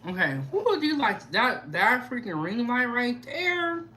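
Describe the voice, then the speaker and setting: Slow, chatty woman eating on stream. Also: a little high, a little hiss or hum. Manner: relaxed, chatty, savoring food with hums. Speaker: food vlogger. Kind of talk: casual mukbang livestream chat.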